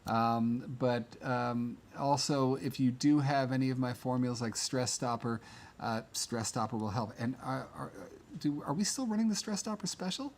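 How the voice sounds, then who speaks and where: Chatty man hosting a live stream, rambling and casual, mid-pitched voice. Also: normal speed, a little hiss or hum. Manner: chatty, rambling, many fillers. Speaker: livestream host.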